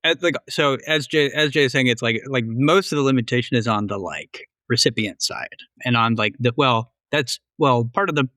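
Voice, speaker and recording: Man, mid pitch, hesitant, podcast guest, dry recording. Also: normal speed, hardly any pauses, pushed and bright, no echo. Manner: agreeable, hesitant with restarts. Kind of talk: casual podcast conversation.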